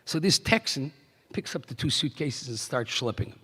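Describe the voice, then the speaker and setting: A middle-aged man, a rabbi giving a keynote address, telling stories in an animated way that swings from hushed to emphatic. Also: medium pitch, normal speed, slightly rough. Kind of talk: storytelling speech. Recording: echoey banquet hall PA.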